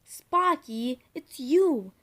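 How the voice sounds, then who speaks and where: A woman reading the lines of a shaken boy whose voice has turned into an old man's dry croak. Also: high-pitched, expressive, extremely slow, a bit bright, pitched above the performer's own voice, exaggerated voice. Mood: pleading, shaken. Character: boy trapped in croaking old-man mask. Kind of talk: audiobook character reading.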